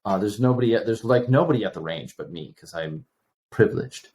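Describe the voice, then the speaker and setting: Lower-pitched man telling an animated story. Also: a little fast. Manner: animated, acts out quoted exchanges, many restarts. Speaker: podcast guest. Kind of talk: casual storytelling.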